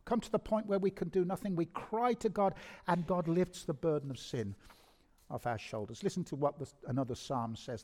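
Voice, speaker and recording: A man's voice: fairly high pitch, normal speed, a little mellow. A middle-aged man preaching a sermon in an earnest, conversational way, repeating words and asking rhetorical questions. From England. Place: church hall. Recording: long reverb of a church hall.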